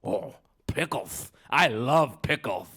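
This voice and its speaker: A man voicing a greedy, easily fooled male goblin in a picture-book read-aloud, with a slow gruff drawl. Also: animated, bright, forceful tone, exaggerated voice. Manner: slow gruff drawl, turning shrill and panicky when trapped.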